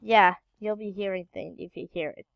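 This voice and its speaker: A woman's voice: medium pitch, steady tone, normal speed, vocal fry, no echo, dull audio. A woman hosting a gaming channel, giving casual gameplay commentary and muttering to herself while she searches, with frequent exclamations.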